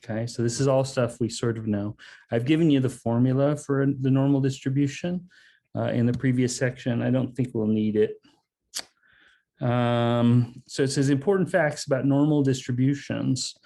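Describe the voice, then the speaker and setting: A man's voice: mid-range voice, fairly even intonation, normal speed, gravelly, dark tone. A man teaching a math lesson online, explaining step by step in a casual way and saying "okay" and "um" often. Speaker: math instructor. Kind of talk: online lecture.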